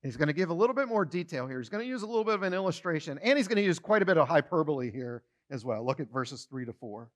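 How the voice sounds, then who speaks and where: A man's voice: a little high, very animated, quick pace, hardly any pauses. A man pastor giving a conversational sermon, often repeating words as he starts a phrase and acting out everyday quotes with a shifting tone.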